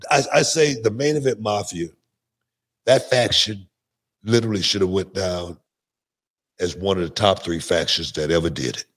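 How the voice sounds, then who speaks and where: Man, middle-aged, low husky voice, podcast guest, animated storytelling, repeats words. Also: normal speed, pauses often. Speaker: guest, former wrestler. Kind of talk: casual podcast interview storytelling.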